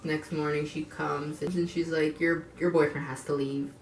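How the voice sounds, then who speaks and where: Low-voiced blunt woman telling her story. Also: level tone, moderate pace, a little hiss or hum. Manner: blunt, frank, swears freely, with asides to viewers. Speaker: vlogger. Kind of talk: candid personal storytime. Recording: echoey room.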